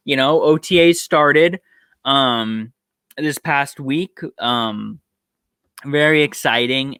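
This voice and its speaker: Bright-voiced man musing on sports. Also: fairly high pitch, smooth, no room sound, clean studio sound. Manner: rambling, thinks aloud with many ums. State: tired, yawning. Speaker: sports podcast host. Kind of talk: casual solo sports talk.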